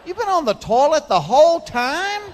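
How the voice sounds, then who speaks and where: A man's voice: very high voice, very animated, normal speed, slight background noise, pitched above the performer's own voice. A Southern man acting out his shocked brother on the phone, laughing in disbelief. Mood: incredulous. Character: disbelieving brother catching a flush.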